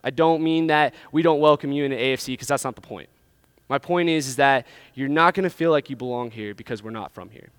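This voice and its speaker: A man's voice: medium pitch, fairly quick, clean tone, no room sound. A young man giving a sermon to college students, telling a story with frequent "right?" asides. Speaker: campus ministry speaker.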